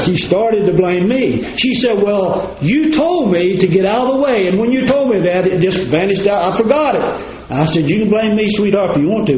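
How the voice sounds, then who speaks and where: A man preaching a sermon in a folksy, plain-spoken way, talking straight to his congregation. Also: high-pitched. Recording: roomy, slightly dull recording.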